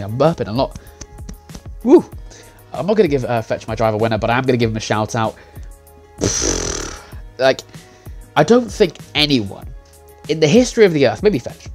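A man's voice: medium pitch, darkish tone. Rambling young man recapping a race. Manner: rambling, self-correcting, with fillers and chuckles. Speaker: sim racing league driver giving a round recap. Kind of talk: casual recap talk. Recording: faint music behind.

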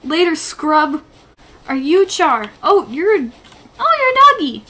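High-voiced goofy woman gaming. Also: moderate pace. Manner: goofy, excitable. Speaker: gaming streamer. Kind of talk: let's play commentary.

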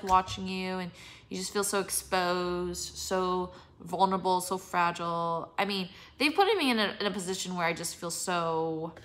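A young woman rambles to her viewers in a casual vlog, her voice bright and forward. She swears freely and keeps losing and hunting for her words. A yawn slips into her talk now and then. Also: fairly low pitch. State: yawning. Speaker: vlogger.

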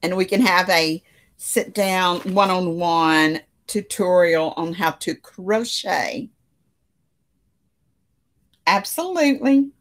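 Her voice is fairly low and a bit bright as she crochets on a casual livestream from her living room. Chatty and quick to laugh, she reads viewers' comments aloud and talks with them.

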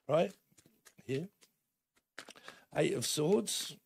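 Gravelly man reading tarot. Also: fairly high pitch, animated, drawn-out words. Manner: rambling and chatty, often laughing; acts out imagined dialogues in shifting voices. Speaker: tarot reader.

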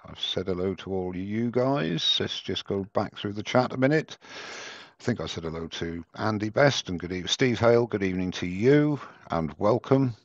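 Male host, very low voice, dull dry headset sound, rambling and self-mocking. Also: animated, normal speed, no echo. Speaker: host of a live woodturning demo. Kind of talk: casual live-stream chat.

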